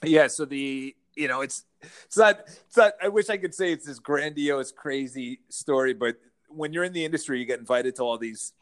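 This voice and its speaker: A man, a real estate broker, telling stories as a guest in a casual interview, lively and laughing as he goes. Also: mid-range voice, moderate pace. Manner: animated, acts out quotes, laughs while telling stories.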